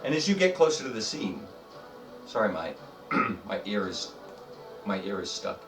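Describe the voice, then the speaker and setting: A man running a tabletop game as game master, narrating in a chatty, halting way with many fillers. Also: on the low side, big pitch swings. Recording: roomy, distant mic, faint music.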